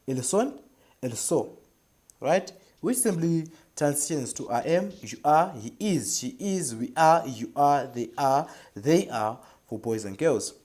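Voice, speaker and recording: Mellow-voiced teacher explaining beginner French. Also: mid-range voice. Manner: repeats each phrase and checks in with "right?". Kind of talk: beginner language lesson.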